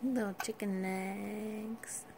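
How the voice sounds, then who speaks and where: A mother cooing soft, tender baby talk to her infant, often half-whispered, at home. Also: medium pitch, fairly even intonation, extremely slow, noisy background.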